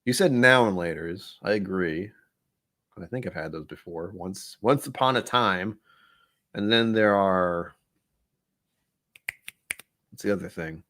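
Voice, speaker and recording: Laid-back rambling man, low voice. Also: unhurried, pauses often, sharp tone. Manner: rambling, offhand, thinks aloud. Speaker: livestream host. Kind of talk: casual whiskey-tasting livestream chat.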